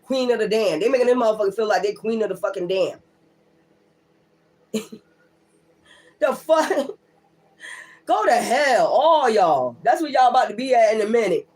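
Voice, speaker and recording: A woman's voice: medium pitch, animated, brisk, pauses often, darkish tone. A woman who reads tarot and rants on a casual livestream, profane, blunt and emphatic, and she keeps repeating her defiant points. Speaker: tarot reader.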